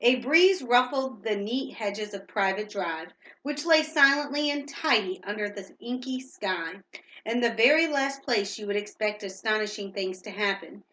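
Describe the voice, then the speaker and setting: A woman's voice: mid-range voice, a little slow, a bit bright, echoey room, low-quality recording. A woman reading a storybook aloud to a child at home, reading steadily and stopping now and then to ask questions.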